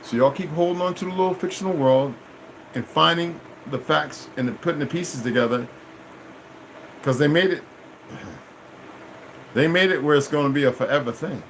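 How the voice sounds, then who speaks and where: A man's voice: on the high side, moderate pace, pauses often, a little hiss or hum, rough recording. A middle-aged man telling a long personal story as a vlogger, in a rambling, profane, emphatic way. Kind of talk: casual storytelling monologue.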